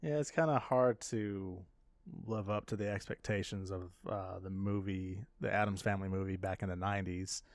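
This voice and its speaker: A man's voice: low-pitched, steady tone, normal speed. A man co-hosting a casual podcast, mostly reacting briefly and steering the talk back on topic. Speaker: podcast co-host. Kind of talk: casual chat.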